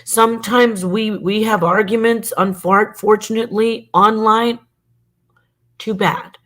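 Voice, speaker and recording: A woman's voice: mid-range voice, steady tone, unhurried, a bit bright. A middle-aged woman giving a heated, profane monologue as a regular on an online show, emphatic and repetitive.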